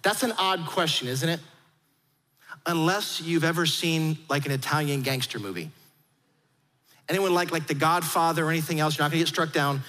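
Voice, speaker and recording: A man preaching a sermon as pastor, animated, acting out the people in his story. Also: a little high, normal speed, pauses often, long reverb tail. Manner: animated, acts out quoted voices.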